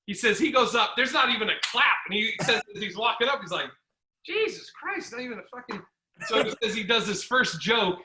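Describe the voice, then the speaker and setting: A man hosting a podcast, telling comedy road stories in a rambling, animated way and acting out the people he quotes. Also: high voice, quick pace, few pauses, background noise. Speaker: podcast host. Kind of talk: casual storytelling chat. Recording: roomy echo.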